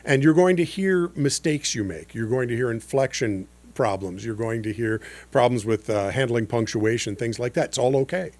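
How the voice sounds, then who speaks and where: A man's voice: medium pitch, moderate pace, hardly any pauses, a little mellow. A man in his sixties, a voice-over coach hosting a podcast lesson, explaining things in an easygoing, chatty way with frequent "uh" and "you know.".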